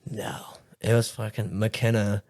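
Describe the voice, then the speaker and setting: A man's voice: on the low side, level tone, slow pace, darkish tone. A young man hosting a podcast, telling stories in a rambling way with lots of swearing and filler words. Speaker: podcast host. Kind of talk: casual chat.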